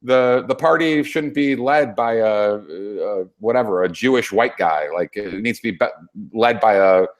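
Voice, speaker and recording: A man's voice: on the low side, a little slow. A man co-hosting a talk show, ranting heatedly about politics with constant swearing and rambling restarts. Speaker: co-host. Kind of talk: profane political rant.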